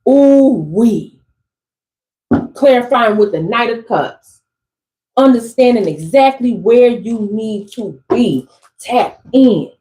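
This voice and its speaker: A woman doing a channeled tarot reading for her viewers, animated and exclamatory, in casual slangy speech. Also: a little high, rough recording. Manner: animated, exclamatory, talks straight to the audience. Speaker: tarot reader.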